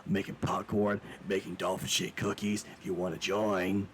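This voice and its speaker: A man's voice: low-pitched, flat delivery, moderate pace, a little hiss or hum, close to an everyday voice, low-quality recording. A man voicing Prince Damien, a brash, boastful young prince who turns indignant, in live improvised voice acting. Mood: sheepish.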